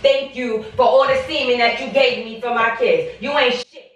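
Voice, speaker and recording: A woman's voice: fairly high pitch, steady tone, normal speed, very echoey, distant mic. A woman vlogger arguing hotly with her partner, cursing and confrontational, in a home setting. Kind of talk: heated prank-video argument.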